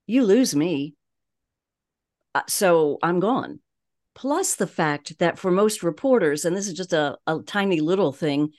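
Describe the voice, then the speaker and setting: A woman with a Long Island New York accent, a voice coach talking in a measured, unhurried way on a podcast interview. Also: on the low side, a little mellow.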